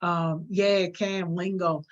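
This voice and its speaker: A woman's voice: lowish voice, fairly even intonation, slow pace. A woman teaching public speaking in a live online workshop, talking in an emphatic, conversational way with everyday slang. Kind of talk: live-streamed workshop, reading viewer comments. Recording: dull lo-fi stream audio.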